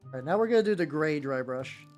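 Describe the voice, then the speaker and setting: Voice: medium pitch, lively intonation, fast, a little mellow, faint music behind. A VTuber streamer chatting casually while painting miniatures, rambling and joking, with lots of "like"s and restarts. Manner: rambling, many "like"s and restarts, jokey.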